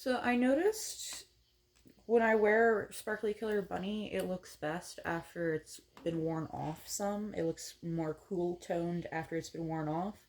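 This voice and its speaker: Slow, low-pitched woman rambling casually. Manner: rambling, lots of ums, self-correcting mid-word. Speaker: makeup vlogger. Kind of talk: casual get-ready-with-me chat. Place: home, on a couch.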